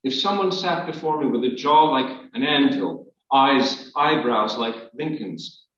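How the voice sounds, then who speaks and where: Male author at a live reading, dry, measured delivery; distant, dull recording with heavy room echo. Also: medium pitch, a bit bright, slight background noise. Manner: measured, wry storytelling. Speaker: author reading his work. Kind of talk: reading a memoir aloud. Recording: echoey hall, distant, dull.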